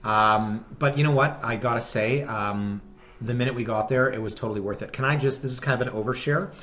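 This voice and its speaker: A man talking casually to camera in a real estate vlog. His voice sits at an everyday mid pitch, and he rambles in a self-deprecating way, dotting his talk with ums. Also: brisk, a bit bright. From Canada.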